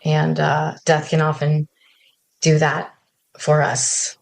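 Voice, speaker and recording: A woman's voice: deep voice, completely flat delivery, takes it slowly, gravelly. A woman in a podcast conversation, talking reflectively and often checking in with a "right?" as she thinks aloud.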